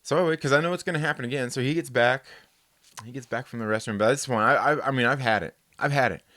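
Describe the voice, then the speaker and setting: Rambling, animated man telling a story. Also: mid-range voice, fast talker, dry recording, studio quality. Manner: rambling, animated, swears freely, acts out quoted voices. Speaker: host. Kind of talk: casual storytelling chat.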